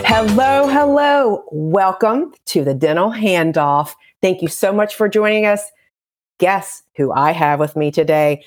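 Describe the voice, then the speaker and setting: A woman's voice: mid-range voice, lively intonation, unhurried, music in the background. A woman, a dental hygienist hosting a podcast in an upbeat, emphatic way. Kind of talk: scripted intro then casual interview chat.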